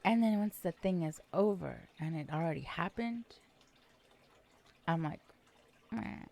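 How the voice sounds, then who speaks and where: A woman's voice: fairly low pitch, unhurried, creaky, darkish tone. A young woman hosting her own podcast, chatting casually and rambling in a self-deprecating way, with lots of fillers. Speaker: podcast host. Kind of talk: casual solo podcast chat.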